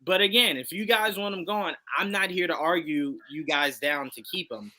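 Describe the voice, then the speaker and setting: Male co-host who argues his point with rhetorical questions, high piercing bright voice. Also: moderate pace. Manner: emphatic, poses and answers his own rhetorical questions. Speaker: podcast co-host. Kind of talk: casual live sports chat.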